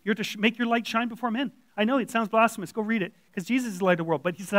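Male lay preacher, very high pitch, plain-spoken and blunt, dry close recording. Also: steady tone, racing, few pauses, a bit bright, no room sound. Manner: blunt, conversational, acting out quoted voices. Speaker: church elder preaching. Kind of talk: informal sermon. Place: church room with audience.

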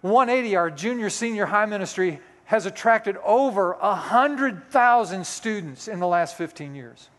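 A man's voice: sits high, expressive, normal speed, hardly any pauses, a bit bright. A male pastor in his sixties preaching a sermon, telling a personal story with folksy, self-deprecating humor. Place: church sanctuary. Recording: long hall reverb.

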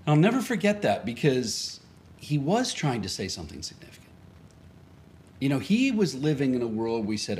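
Male pastor, mid-range voice, very animated pitch, chatty storytelling sermon with frequent restarts and chuckles. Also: moderate pace, a little hiss or hum. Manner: conversational, restarts sentences, chuckles often.

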